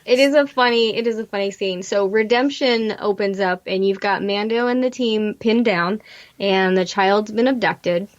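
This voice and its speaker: A woman's voice: medium pitch, normal speed. A woman co-hosting a podcast, recapping a show in chatty, rambling talk and laughing often. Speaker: podcast co-host. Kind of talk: casual recap chat. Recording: muffled lo-fi audio.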